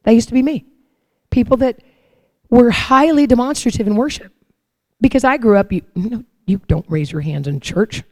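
A woman giving a sermon, telling lively personal stories and acting out her own prayers and the answers she hears. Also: a little high, normal speed, no echo. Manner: animated storytelling, acts out her own prayers and God's replies. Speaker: preacher.

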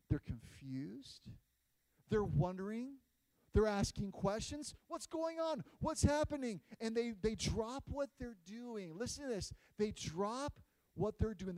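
A male pastor preaching a sermon, telling a Bible story with animated, acted-out quotes and swings from loud to quiet. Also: high-pitched, no echo, rough recording. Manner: animated storytelling, acting out quotes in shifting loudness.

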